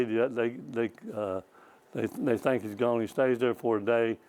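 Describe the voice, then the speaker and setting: A man's voice: medium pitch, darkish tone, rough recording. An older man, a former state trooper giving a rambling, folksy presentation at a small library talk, often repeating words as he goes. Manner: rambling, repeats words, chuckles at his own stories. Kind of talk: folksy storytelling lecture.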